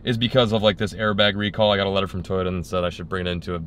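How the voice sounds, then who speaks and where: A young man vlogging a fishing trip in casual chat, who gets loud and excited when fish bite. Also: low-pitched, racing, a little hiss or hum. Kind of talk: casual vlog narration. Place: outdoors at city ponds, later in a car.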